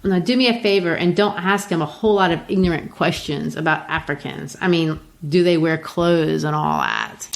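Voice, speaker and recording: A woman's voice: low-pitched, moderate pace, gravelly, few pauses. A woman reading a headstrong, defiant young woman. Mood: exasperated.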